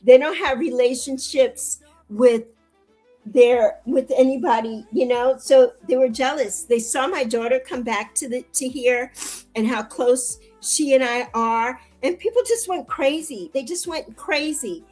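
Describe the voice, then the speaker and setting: Soft music plays under a poor-quality recording of an older woman being interviewed. Her voice is high with a darkish tone and a measured pace, and her heartfelt, repetitive words swell into tearful pleading during this emotional exchange.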